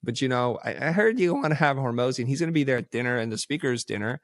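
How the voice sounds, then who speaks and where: Animated man telling stories, dry sound. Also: medium pitch, very fast, no echo. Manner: animated, acts out quoted dialogue. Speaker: podcast guest. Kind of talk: casual storytelling.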